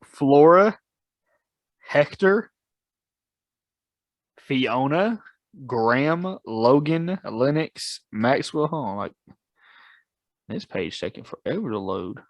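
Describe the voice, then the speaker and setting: A man with a somewhat high voice, chatting on a podcast in a loose, joking way. He laughs a lot and trails off mid-sentence. The sound is close and dry, with no room echo. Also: lively intonation, takes it slowly, pauses often. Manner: joking, laughs often, rambling restarts. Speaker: podcast co-host. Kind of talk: casual chat. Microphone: studio podcast mic.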